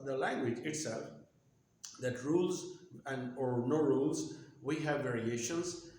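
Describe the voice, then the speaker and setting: Male lecturer, channel host, halting and self-correcting delivery, strongly echoey recording. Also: medium pitch. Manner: halting, thinking aloud with frequent restarts. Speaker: language lecturer. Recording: very echoey room with faint ambient noise.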